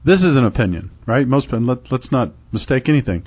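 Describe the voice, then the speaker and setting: On his real estate radio program, a middle-aged host makes a call to action, hammering points repeatedly and tossing out rhetorical questions. His mid-range voice is brisk with lively intonation and a breathy edge, heard in lo-fi sound.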